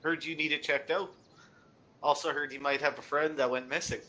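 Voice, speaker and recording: A man player at a tabletop game with a bright, forceful voice. He jokes as he describes his character. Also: fairly high pitch, fairly even intonation, a little fast.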